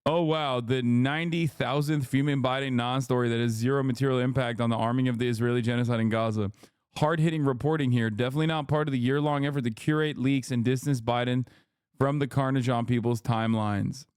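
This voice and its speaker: A man's voice: mid-range voice, steady tone, brisk, a little mellow, smooth, no room sound, studio quality. A man streaming live, giving casual, profane and sarcastic commentary on the news.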